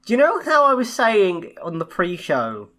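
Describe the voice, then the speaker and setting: A woman's voice: medium pitch, wildly swooping pitch, normal speed, a bit bright. A young woman co-hosting a casual podcast chat, ranting in exasperation and swearing often. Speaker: podcast co-host.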